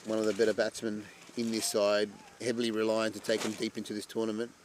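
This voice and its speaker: A man giving chatty live commentary on an amateur cricket match. He breaks into loud excitement at wickets. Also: on the low side, fast talker, slight background noise.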